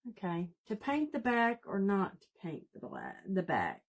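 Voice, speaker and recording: A woman's voice: mid-range voice, wildly swooping pitch, unhurried. A woman with a Southern US accent hosting a casual live craft demonstration, chatting folksily and greeting viewers by name as she works. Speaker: craft tutorial host. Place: home craft room.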